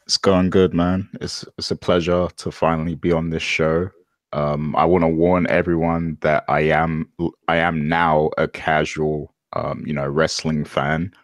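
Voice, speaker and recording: Very deep, flat-voiced male guest. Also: a little slow, no room sound, studio quality. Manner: hesitant, self-deprecating, many fillers. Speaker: podcast guest. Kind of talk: casual podcast chat.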